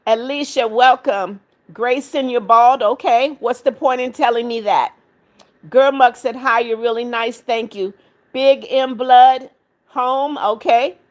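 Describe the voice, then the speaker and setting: A middle-aged woman hosting a livestream, reading viewer comments aloud, warm to kind viewers and firm with rude ones. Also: fairly high pitch, fairly even intonation, a little slow. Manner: firm, scolding rude commenters, affectionate to others. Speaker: livestream host reading chat. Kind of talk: casual live chat.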